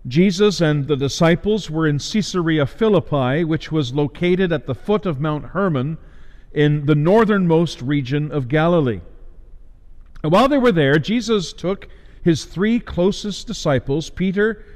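A man delivering a sermon as a preacher, measured, with emphatic rises and slowed stresses. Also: a little high, lively intonation, a little mellow, big-room sound.

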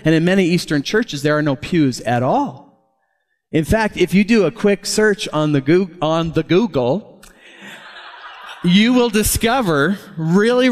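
A man preaching a sermon as pastor, lively and chuckling often as he talks. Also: on the high side. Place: church. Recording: long hall reverb.

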